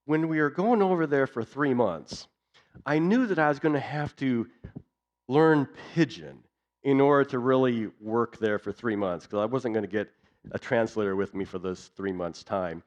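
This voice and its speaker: A man's voice: medium pitch, normal speed. A man giving a church missions talk in an earnest way, building his points through repeated lists, in a dull lo-fi recording. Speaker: missions speaker.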